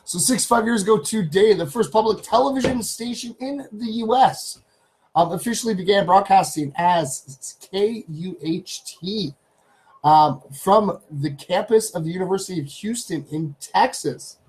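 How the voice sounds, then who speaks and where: A chatty man from Canada hosts a casual live stream from his home studio. His voice sits a little on the high side. He repeats himself often and talks to his pets between reading out viewers' names. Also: normal speed, darkish tone, rough recording.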